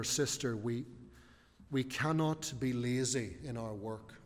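A man delivers a sermon at a middle pitch, earnest and measured, slowing down to press home each point. His voice rings out with the long reverb of a church hall. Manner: earnest, measured preaching with slow emphatic stresses. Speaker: preacher.

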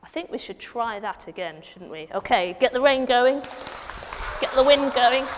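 A woman's voice: on the high side, expressive, moderate pace, a crowd in the background. A woman leading an interactive children's Bible story, coaxing the children to act along in a church hall. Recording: long hall reverb, faint noise.

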